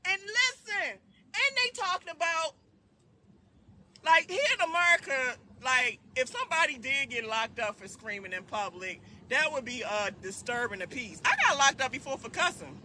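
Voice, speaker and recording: Loud, high, bright-voiced woman. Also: a little hiss or hum. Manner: loud, profane, animated, laughs often. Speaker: trucking vlogger. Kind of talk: casual storytelling to camera.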